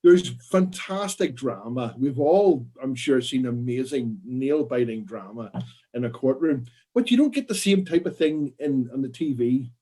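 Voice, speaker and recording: A man's voice: mid-range voice, measured pace. A man chatting on a panel over a video call, acting out the people he describes. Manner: expressive, acts out people he describes. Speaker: crime writer and former lawyer on a panel. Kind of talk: casual panel chat.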